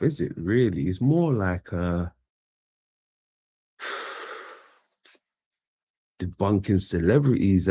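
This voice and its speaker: A man's voice: fairly low pitch, darkish tone, husky, dry recording. A man talking in a casual, laid-back monologue. He often repeats phrases and keeps asking "right?". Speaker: commentator. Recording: dull lo-fi dry sound.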